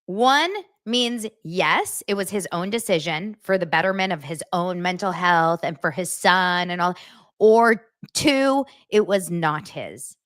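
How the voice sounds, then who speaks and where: A middle-aged woman talks through celebrity gossip in a loose, chatty way. Her pitch swings widely as she goes. She now and then slips into exaggerated voices to act out what others said. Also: a little slow. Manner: chatty, animated, acts out quotes in exaggerated voices. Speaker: gossip show host. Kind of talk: casual chat.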